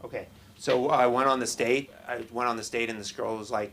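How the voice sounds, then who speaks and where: A middle-aged man doing a stand-up set at an open mic in a small comedy club, with a halting, self-deprecating delivery full of restarts. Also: mid-range voice, fairly even intonation, creaky, fairly bright tone.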